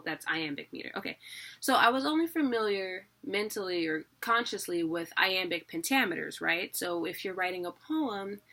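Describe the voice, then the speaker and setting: A woman's voice: medium pitch, pushed and bright, a little hiss or hum. A young woman giving a casual, chatty video lesson on poetry rhythm, laughing at herself and checking that viewers keep up. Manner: chatty, self-deprecating, laughs often. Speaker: online teacher.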